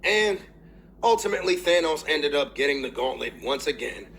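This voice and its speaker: A young man in a casual review vlog talks in a high, bright voice that swings widely up and down. He tells the story excitably, with plenty of swearing and laughter. He sounds tearful, fighting back crying. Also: moderate pace, a little hiss or hum. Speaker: YouTuber reviewing a movie.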